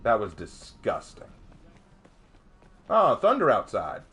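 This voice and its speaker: A man streaming gameplay, reading chat aloud and thinking out loud as he plays, chatty and quick to laugh. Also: medium pitch. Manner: chatty, excitable, laughs often, talks to himself. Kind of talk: live gameplay commentary.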